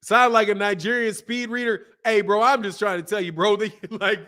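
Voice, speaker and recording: A man hosting a boxing channel, talking casually to his camera in animated, slangy commentary with frequent laughter. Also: high-pitched, normal speed. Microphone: camera mic.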